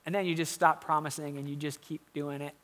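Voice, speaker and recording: A pastor preaching a sermon in a conversational way, with quiet asides and emphatic rising questions. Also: male voice, on the high side, little pitch movement, fairly quick.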